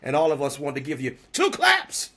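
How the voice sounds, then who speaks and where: A man's voice: on the high side, normal speed, heavy background noise. Hyped man hosting a podcast. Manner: energetic, repetitive hype. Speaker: podcast moderator.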